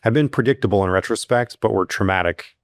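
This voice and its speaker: A man who runs a security company, telling stories in a casual interview, full of fillers and restarts, jumping much higher in pitch when he acts out what people said. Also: quick pace, dry recording, clean studio sound. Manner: animated, rises sharply when acting out quotes. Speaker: security company CEO, guest.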